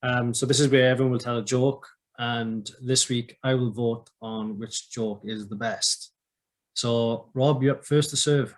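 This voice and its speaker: A man's voice: medium pitch, steady tone, unhurried. A man co-hosting a podcast, laughing easily and moving the segments along. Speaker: podcast co-host.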